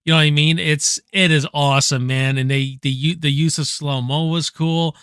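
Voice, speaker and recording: A man casually ranking favorite movies, rambling excitedly, swearing freely and tossing in "man" at every turn. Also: on the high side, normal speed, clear, resonant tone, dry recording, clean studio sound. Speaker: movie reviewer. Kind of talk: casual enthusiastic movie countdown.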